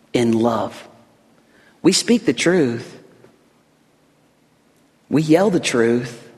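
Pastor, male, slightly high voice, impassioned sermon delivery, big reverberant sanctuary. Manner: impassioned, swings between soft and loud. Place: church sanctuary. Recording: long reverb of a large room.

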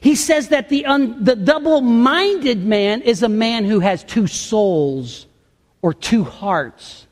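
High-voiced preaching man in a reverberant hall. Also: expressive, slow. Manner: preaching with rising emphatic bursts and dropping to quiet asides. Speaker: pastor. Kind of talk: sermon.

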